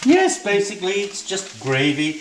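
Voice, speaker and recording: A man plays a posh, affected housewife hosting a comedy cooking show, fussing over the stove and calling everyone darling. The voice sits fairly high and swoops about a lot. It rings in a roomy, echoing kitchen. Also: wildly swooping pitch, normal speed, a little hiss or hum. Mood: posh chatty. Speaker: comic cooking host. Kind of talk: comic drag cooking show. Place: home kitchen.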